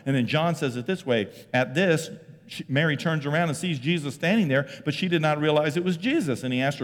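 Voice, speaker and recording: A man preaching a sermon as pastor, animated, swinging loud and high for emphasis, then dropping low and quiet. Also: a little fast, long reverb tail. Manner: animated, jumps in pitch and volume for emphasis.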